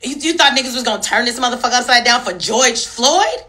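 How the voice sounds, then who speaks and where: This young social media commentator's rant is heated and emphatic, driven by profanity and sharp rhetorical questions. Her tense, bright voice has lively intonation with wide pitch swings, and she talks fast with hardly any pauses.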